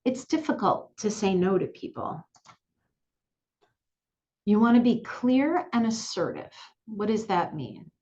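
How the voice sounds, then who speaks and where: A woman sexuality educator speaking calmly and clearly to the camera, repeating her key points. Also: medium pitch, dull audio. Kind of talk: direct-to-camera lesson. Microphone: looking into camera, on-camera mic.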